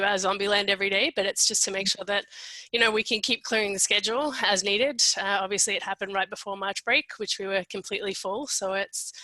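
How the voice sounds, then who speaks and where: A woman's voice: mid-range voice, bright, forceful tone, no echo, rough recording. A woman speaking hesitantly with many fillers on a video call from her empty workplace. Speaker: business staff member. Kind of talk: casual chat on a video call.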